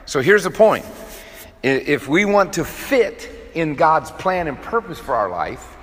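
A man's voice: fairly high pitch, sing-song, a little slow, fairly bright tone. A man preaching a sermon to a group of men, emphatic, with frequent restarts and acted-out quotes. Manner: emphatic, repetitive restarts, acts out quoted voices. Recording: long hall reverb.

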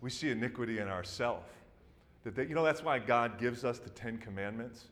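Speaking fairly quickly in a medium pitch, a thirty-something male pastor delivers a sermon in an animated storytelling style. He swings between loud excitement and hushed intensity, and the sound is that of a big room.

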